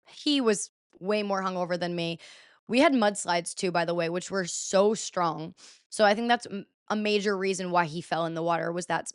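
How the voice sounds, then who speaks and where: A woman's voice: medium pitch, fairly bright tone, clean tone, no echo, clean studio sound. A young woman hosting a podcast, telling a travel story in a chatty, casual way, swearing freely and saying "like" a lot. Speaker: podcast host.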